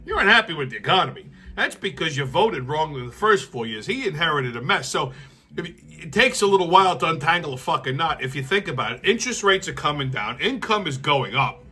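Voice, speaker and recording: Male host, blunt and profane, fairly high voice with a sharp, forceful edge. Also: animated, fairly quick, breathy edge. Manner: blunt, heated, swears constantly. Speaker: show host. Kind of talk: profane political commentary rant.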